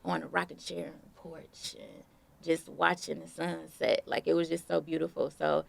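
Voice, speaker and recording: A young woman being interviewed, telling stories in a relaxed, casual way with plenty of fillers. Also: low-pitched, moderate pace, vocal fry. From Detroit. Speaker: guest artist.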